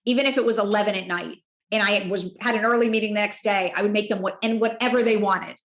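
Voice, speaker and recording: A woman in her forties, a podcast guest, telling a personal story in an expressive, candid way. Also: medium pitch, quick pace. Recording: roomy echo.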